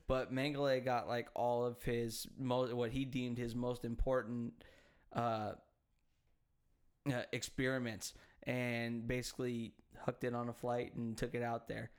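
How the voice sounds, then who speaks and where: A man's voice: medium pitch, flat delivery, measured pace, clean tone. A man co-hosting a casual chat, telling a story in a rambling, hesitant way with plenty of fillers and swearing. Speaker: podcast co-host.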